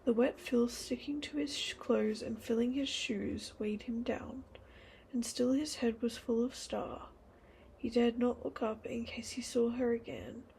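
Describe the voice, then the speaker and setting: A woman's voice: on the high side, slight background noise, rough recording. Whispering woman reading a storybook. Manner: hushed, breathy whisper. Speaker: storybook reader.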